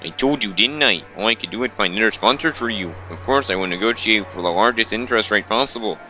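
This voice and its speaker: A man voicing a sly, gloating older brother in a low, slow, smug voice, in a visual novel reading. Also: bright, forceful tone, soft background music.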